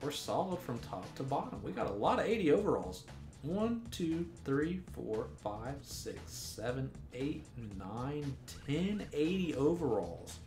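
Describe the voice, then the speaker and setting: A man's voice: fairly high pitch, very animated, a little slow, darkish tone, roomy sound, soft background music. A man giving casual, sarcastic gameplay commentary as a gaming YouTuber. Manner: sarcastic, joking banter.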